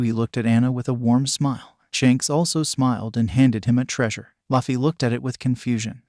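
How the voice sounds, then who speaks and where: A man narrating a fan fiction story in an even, flat reading that covers all the parts. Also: mid-range voice, fairly quick, few pauses, no echo, clean studio sound. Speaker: fanfiction narrator.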